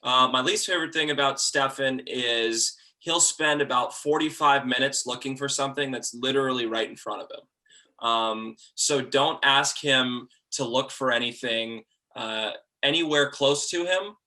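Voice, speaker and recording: A man's voice: medium pitch, measured pace, bright, forceful tone. A young man from Georgia, a college sports broadcaster, talking earnestly and playfully in a casual interview. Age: young adult.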